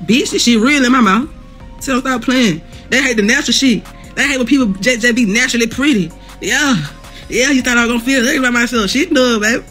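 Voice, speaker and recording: A woman speaks to camera in a bright, sharp voice, defiant and boastful, looping back on the same slangy lines. She talks from a bed indoors, with faint music playing behind her. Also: on the high side, a little fast. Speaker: vlogger recovering from burns. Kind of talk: casual monologue to camera.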